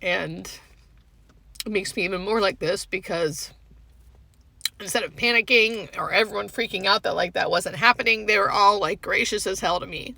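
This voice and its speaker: Teary nurse lady in her car, gravelly voice, bright, keeps saying like, stops and starts. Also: mid-range voice, no room sound. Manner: halting, heavy use of filler "like". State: tearful, fighting back crying. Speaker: hospice home care nurse. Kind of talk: emotional vlog monologue. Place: inside a parked car.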